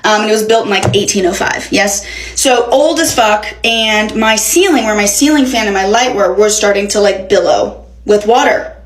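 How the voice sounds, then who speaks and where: A young woman telling a wild storytime in a casual, animated, profane way. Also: medium pitch, moderate pace. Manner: animated, profane, dramatic retelling. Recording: echoey room.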